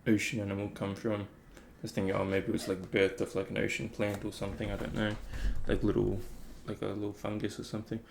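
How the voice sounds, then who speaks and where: A man's voice: on the low side, monotone, brisk, gravelly, few pauses, noisy background. A man thinking aloud in a casual, reflective talk about meditation, rambling with many fillers. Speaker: meditation vlogger.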